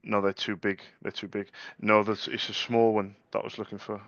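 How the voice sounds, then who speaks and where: A cheeky young man talks in an office, quick with a joke and quicker to laugh at it. The sound is dull and lo-fi, with no room echo at all. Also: on the low side, flat delivery, a bit bright. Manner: cheeky, jokey, laughs at own lines. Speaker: salesperson cold calling. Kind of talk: phone sales banter, retold.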